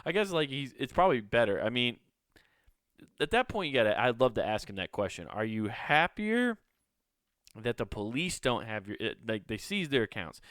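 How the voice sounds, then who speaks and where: A man's voice: medium pitch, big pitch swings, normal speed, a bit bright, smooth, dry recording. A man hosting a solo comedy podcast, ranting in a profane, rambling, incredulous way on a close podcast mic. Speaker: podcast host.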